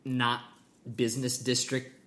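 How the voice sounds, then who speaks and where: A man's voice: mid-range voice, flat delivery, unhurried, a bit bright, slight background noise. A man co-hosting a podcast, chatting enthusiastically about a film and dropping trivia, with casual swearing. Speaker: podcast co-host. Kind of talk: casual movie review chat.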